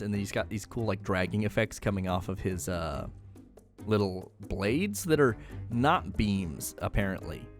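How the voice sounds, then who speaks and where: Rambling, joking man recapping anime. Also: fairly low pitch. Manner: joking, rambling, laughs often. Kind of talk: casual episode recap.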